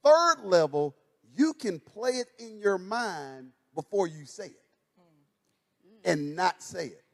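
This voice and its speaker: A man, a pastor, chatting casually and telling stories with lively acted-out quotes. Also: sits high, slow pace, gravelly. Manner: animated storytelling, acts out quotes. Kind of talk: casual chat. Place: church stage.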